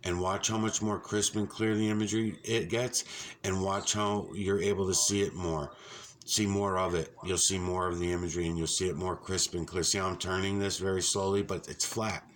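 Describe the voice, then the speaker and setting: Rambling, profane man with a very deep voice. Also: normal speed, slight background noise. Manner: rambling, profane and excitable, frequent fillers. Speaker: YouTube vlogger. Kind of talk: casual off-the-cuff vlog talk.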